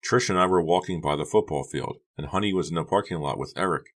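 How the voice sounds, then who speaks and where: A man voicing a high-strung, upset teenage girl who talks shrilly and anxiously in an audiobook. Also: fast talker. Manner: shrill and agitated. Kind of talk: audiobook character voice.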